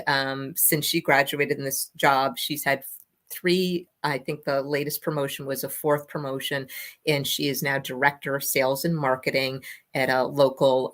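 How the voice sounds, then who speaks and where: A woman in her fifties, an interview guest, telling a family story in an animated way and voicing the quotes. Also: a bass voice.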